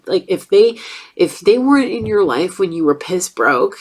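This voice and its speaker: A woman's voice: lowish voice, sing-song, moderate pace, slightly rough. Stuffed-up woman doing a blunt tarot reading. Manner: chatty, blunt, swears casually. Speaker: tarot reader.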